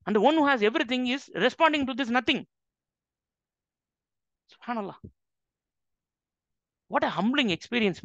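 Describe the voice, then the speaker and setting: A man's voice: very high-pitched, creaky, sharp tone, no echo. A man teaching an interactive religious class, speaking emphatically and often checking in with his listeners. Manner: emphatic, keeps checking with "right?". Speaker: Islamic teacher. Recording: dull, dry lo-fi sound.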